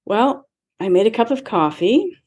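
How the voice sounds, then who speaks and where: Mellow-voiced woman in her seventies. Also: on the high side, sing-song, moderate pace, lo-fi sound. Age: 70s. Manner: reflective, acts out her own past dialogue, laughs lightly between remarks. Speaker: interview guest. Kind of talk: personal storytelling in a casual interview.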